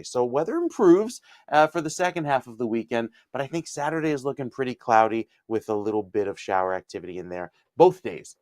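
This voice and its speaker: A man giving a weather forecast on a morning radio show in a relaxed, conversational way. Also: on the low side, no room sound. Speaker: meteorologist. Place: radio studio. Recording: dry studio sound.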